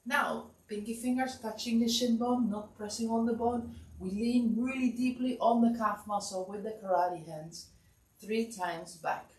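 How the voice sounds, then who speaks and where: A woman teaching a massage class, giving calm step-by-step instructions in a relaxed, drowsy way. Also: fairly high pitch, a little slow. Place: warm room. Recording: echoey room, distant mic.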